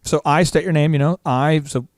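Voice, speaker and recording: A man's voice: on the high side, dry recording, clean studio sound. A man co-hosting a business podcast, telling stories in a joking, playful way and acting out the people in them. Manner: fast, playful storytelling with quoted voices. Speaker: podcast co-host.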